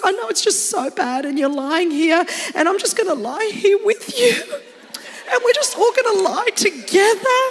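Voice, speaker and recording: A woman's voice: extremely high pitch, in a large hall, pitched above the performer's own voice. A woman with an Australian accent voicing a gushing, over-sympathetic comforter who coos with exaggerated pity. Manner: syrupy, cooing, exaggerated sympathy.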